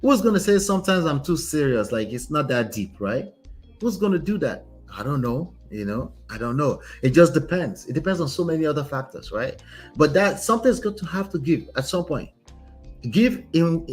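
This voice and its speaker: A man, a relationship coach commenting on a story he reads aloud, speaking emphatically and ending many points with "right?". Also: on the high side. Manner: emphatic, tags lines with "right?".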